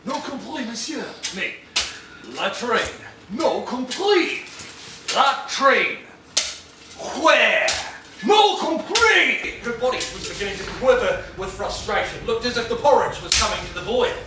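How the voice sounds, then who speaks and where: An actor playing a cheeky young New private who tells tall stories and makes sardonic jokes on stage. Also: male voice, sits high, fairly quick, few pauses, natural voice. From New Zealand. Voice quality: wisecracking, sardonic. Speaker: soldier character. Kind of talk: stage play acting. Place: theatre stage. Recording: roomy distant stage recording, noisy.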